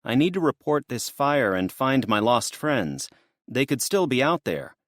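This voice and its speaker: A man voicing a wary young woman stranded after a disaster, lifting his voice higher for her quick questions. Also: very animated, dry recording, studio quality. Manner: bright, lifted pitch, quick asking.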